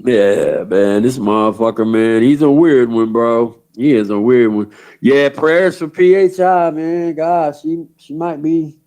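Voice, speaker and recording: A man's voice: mid-range voice, a little slow, mellow, low-quality recording. A man hosting a livestream, cursing and mocking people, taunting them with questions and laughing often. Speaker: livestream host. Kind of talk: profane livestream rant.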